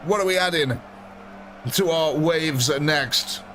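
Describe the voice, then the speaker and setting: A man's voice: a little high, slow pace, a bit bright, slight background noise. A man hosting a live gameplay stream, chatting casually and joking with viewers as he commentates. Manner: chatty, jokey, reads out viewer names. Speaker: livestream host. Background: game music.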